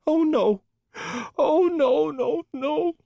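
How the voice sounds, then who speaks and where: A man doing a shrill, wailing middle-aged woman. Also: very slow, creaky, warm tone, no echo, muffled recording, heavily acted. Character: middle-aged woman neighbour, dramatic and tearful. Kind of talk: audiobook character voice.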